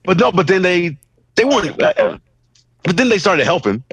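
A man's voice: sits high, wildly swooping pitch, moderate pace, fairly bright tone, slightly rough, no room sound, low-quality recording. A man co-hosting a podcast in a laid-back, rambling way, saying "you know" often and swearing casually. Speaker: podcast co-host. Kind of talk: casual chat.

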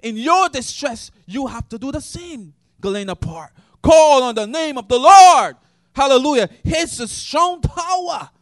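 A man preaches with fervor, his voice sitting very high for a man. He swings from ringing shouts of praise down to low, hushed stretches. The sound is close and dry, with no room around it. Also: expressive, unhurried, dry recording. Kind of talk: sermon.

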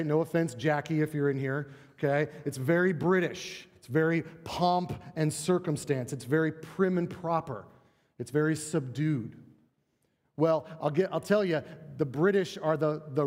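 Animated pastor preaching in echoing church. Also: male voice, on the high side. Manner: animated, emphatic, repeats words when building a point. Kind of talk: sermon. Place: church sanctuary. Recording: long church reverb.

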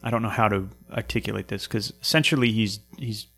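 A man's voice: on the low side, brisk, gravelly, fairly bright tone, soft background music. Rambling, profane man telling stories. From Canada. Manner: rambling, profane, repeats words while searching. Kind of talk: casual storytelling chat.

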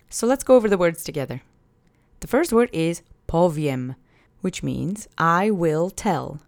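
A woman hosting a podcast language lesson, saying words slowly and carefully for listeners to repeat, with cheerful praise after each drill. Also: lowish voice, a little mellow. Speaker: podcast host teaching Polish phrases.

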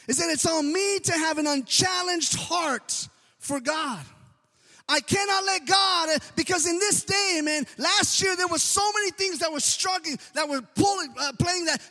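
A man with a very high, bright voice delivers a sermon in an emphatic, rising and falling preaching cadence. His words ring out with a long echo, as if spoken in a large church hall. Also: expressive, a little slow. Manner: emphatic, sing-song preaching cadence with frequent "amen".

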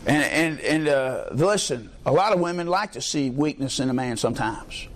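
A man preaching a sermon, impassioned and folksy, climbing to near-shouts. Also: medium pitch, animated, moderate pace.

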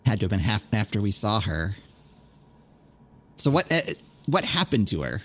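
A man's voice: on the low side, big pitch swings, normal speed, a bit bright, breathy edge. A man playing his character in a tabletop game, asking direct questions. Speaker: player.

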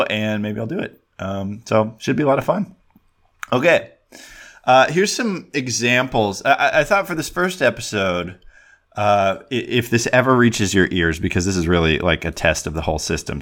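A man's voice: fairly low pitch, a bit bright. Rambling man hosting a solo podcast. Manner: rambling, self-deprecating, lots of ums and restarts. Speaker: podcast host. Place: at his desk.

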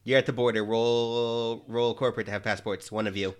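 A man's voice: medium pitch, level tone, brisk, smooth. A man running a comedic tabletop game as game master, giving terse, crude, joking rulings.

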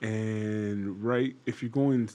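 A man's voice: lowish voice, fairly even intonation, very slow, dark tone. A man co-hosting a casual chat show, laid-back and calling people "bro" and "man".

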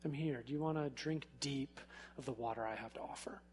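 A man voicing God as a gentle, patient presence calling a distracted man back, speaking softly and reassuringly. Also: medium pitch, brisk, a little hiss or hum, voice pushed down, natural voice. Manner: soft, hushed, reassuring.

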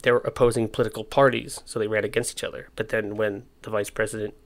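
A man's voice: lowish voice, flat delivery, fast talker. A young man casually explaining history, with slangy, joking asides. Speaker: history presenter.

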